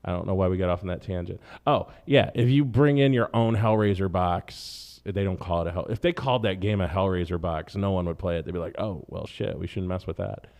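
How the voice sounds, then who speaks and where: A man's voice: low voice, fairly quick, hardly any pauses, a little mellow. A man hosting a podcast, talking in a loose, profane, rambling comedic monologue that keeps wandering off on tangents. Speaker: podcast host.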